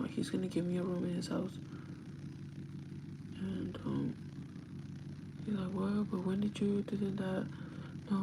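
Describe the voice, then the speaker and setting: A woman on a livestream tells a long personal story, worn out from lack of sleep. Her voice has a gravelly fry to it. The audio carries a clear layer of background noise. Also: fairly low pitch. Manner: emotional, rambling, quoting her partner. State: sleep deprived.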